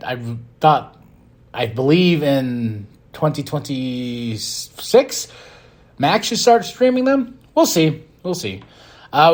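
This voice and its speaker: A man hosting a podcast, giving a casual, excitable and rambling recap of a wrestling show, often breaking into laughs. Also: a little high. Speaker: podcast host.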